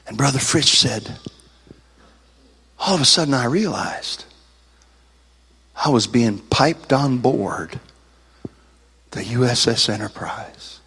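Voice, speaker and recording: A male preacher at a church service tells a homey story from the pulpit in an average-pitched voice. He builds from easy, folksy narration to fervent, shouted declarations of faith. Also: expressive, slow, creaky, long pauses, husky. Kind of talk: sermon with storytelling.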